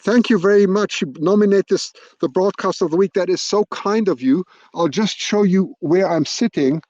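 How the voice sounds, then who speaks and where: Man, slightly high voice, chatty, thinks aloud, live stream, dry slightly dull audio. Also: normal speed, a little mellow, no room sound. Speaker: wildlife livestreamer. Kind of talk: live-streamed casual commentary. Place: outdoors on a hilltop. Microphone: external microphone at a laptop.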